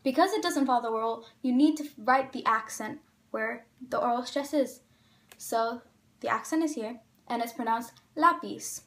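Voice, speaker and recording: Woman, high pitch, clear lesson explainer, slows on examples. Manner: careful, slows down on example words.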